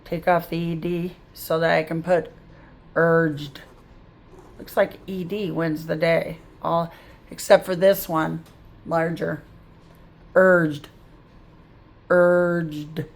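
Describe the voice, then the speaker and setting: A middle-aged woman tutors reading, slowly and patiently sounding out word endings one at a time. Her voice sits a little low for a woman, and she takes her time over every word. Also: little pitch movement. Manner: slow, patient, sounding out words aloud. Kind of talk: phonics lesson to camera.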